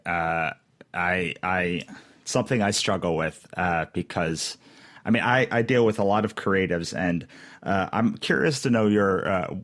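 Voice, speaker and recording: A man's voice: low voice, a bit bright. A man hosting a podcast interview, asking long questions with many hesitations and restarts. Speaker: podcast host.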